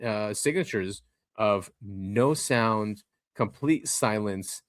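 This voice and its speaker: A man co-hosting a podcast, chatting casually and halting often, breaking off and restarting his thoughts. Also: fairly low pitch, dry recording, clean studio sound. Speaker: podcast co-host.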